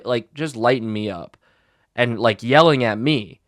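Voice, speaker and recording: A young adult man, a teacher and podcast co-host, telling a school story in blunt, animated casual chat with many likes and restarts. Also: medium pitch, unhurried, no echo, studio quality.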